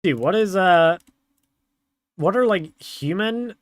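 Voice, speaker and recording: A man's voice: mid-range voice, expressive, measured pace, pauses often, no echo. A young man streaming, chatting casually and answering chat in a laid-back way.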